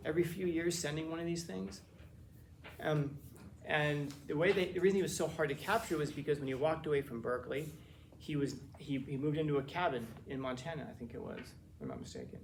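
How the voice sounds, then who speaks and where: A man lecturing a class in a loose, chatty way, full of wry jokes and restarts. His voice sits slightly high for a man. A faint hiss runs under the recording. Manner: conversational, joking asides, many restarts. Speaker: teacher.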